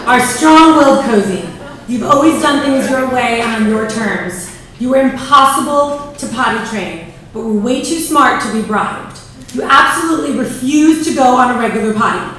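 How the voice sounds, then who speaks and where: A woman's voice: on the high side, expressive, moderate pace, distant mic, slight background noise. Mother giving a speech in an echoey hall. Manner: warm, proud, reading from notes. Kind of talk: prepared family speech. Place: large banquet room.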